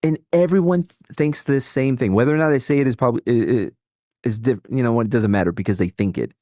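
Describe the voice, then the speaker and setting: Talking fast in a medium-pitched, warm voice, a streamer hosts a casual live broadcast full of rambling, profanity, restarts and self-interruptions. The recording is dry with clean studio sound.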